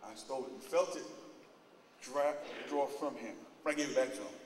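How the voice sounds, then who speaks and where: A man giving a casual live demonstration talk to an audience, directing volunteers and getting animated as he tells stories. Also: mid-range voice, fairly quick. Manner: gets loud and animated in stories. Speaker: opening speaker at a lecture. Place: large echoing hall. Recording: echoey hall, distant mic, background noise.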